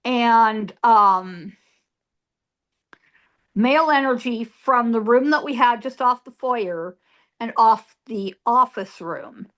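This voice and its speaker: A woman's voice: on the high side, a bit bright. A middle-aged woman, a psychic medium, telling a story as an interview guest in an emphatic way, repeating words for effect.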